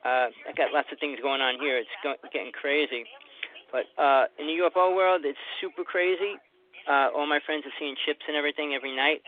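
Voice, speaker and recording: A man's voice: fairly high pitch, fairly quick. An older man calling in as a guest to a talk radio show, chatting in a loose, rambling way over his phone. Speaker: call-in guest. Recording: tinny phone line.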